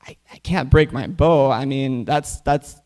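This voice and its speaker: A man's voice: mid-range voice, unhurried, a little mellow, lightly acted. A man voicing a humble male hunter in a story he retells, speaking hesitantly. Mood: worried. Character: humble male hunter pleading to keep his bow.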